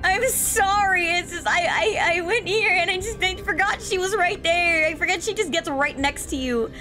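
A woman streaming a horror game, excitable and jumpy, yelping, shouting and laughing. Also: very high-pitched, moderate pace, faint music behind. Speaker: VTuber streamer.

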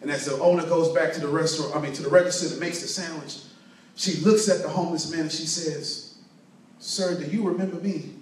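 A man's voice: a little high, steady tone, quick pace, slight background noise. A man giving a motivational sermon, preaching emphatically and telling a story to a responsive crowd. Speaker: motivational speaker. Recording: very echoey room, distant mic.

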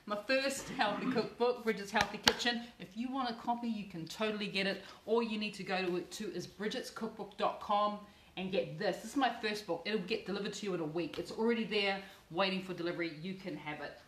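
A woman's voice: medium pitch, a little fast, a bit bright, reverberant, a little hiss or hum. A middle-aged woman hosting a live cooking channel video, effusive and emotional, repeating words for emphasis.

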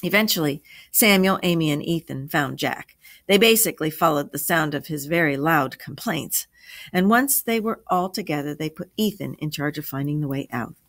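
A woman teacher reading a story aloud, then asking and answering review questions in a clear, measured way. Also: low voice, lively intonation, a bit bright.

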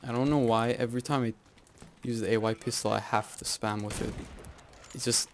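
A young man giving live gameplay commentary as channel host, rambling and often laughing or yelling at the game. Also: mid-range voice, steady tone, brisk, slight background noise.

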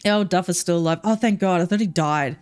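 A woman's voice: fairly low pitch, fairly quick, a little mellow, smooth. A woman streamer playing a story game, chatty and laughing, swearing freely as she reacts. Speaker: VTuber streamer. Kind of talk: casual game commentary and reading aloud.

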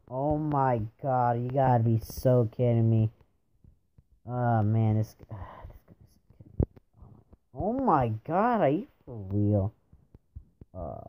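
Frustrated young man gaming, lo-fi mic. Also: medium pitch. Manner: frustrated, keeps exclaiming and groaning at the game. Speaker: gamer. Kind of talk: gaming commentary. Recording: dull lo-fi home mic with faint hiss.

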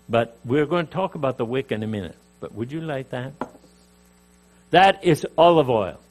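A man's voice: medium pitch, expressive, normal speed, a little mellow. An older man from Canada teaching a sermon, emphatic, rising and dropping in volume, with asides and jokes to his audience. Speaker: preacher.

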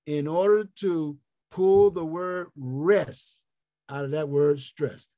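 A man teaching a health ministry group over an online call, slowly spelling out and repeating words as he invites answers. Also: fairly high pitch, warm tone, no room sound. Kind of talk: interactive online teaching talk.

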